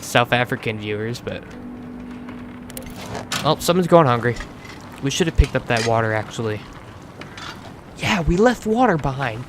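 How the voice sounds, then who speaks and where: An American man talks his way through a game in loose, chatty commentary, cursing freely and tripping over his words. His voice sits at an ordinary middle pitch. Clear game sound plays underneath. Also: noisy background. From United States. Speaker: gaming channel host. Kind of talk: casual let's play commentary.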